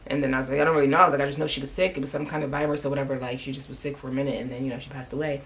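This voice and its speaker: A woman's voice: a bass voice, fairly even intonation, rapid-fire. A woman in her thirties telling a personal story to camera, candid and profane. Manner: candid, profane, heated retelling. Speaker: vlogger.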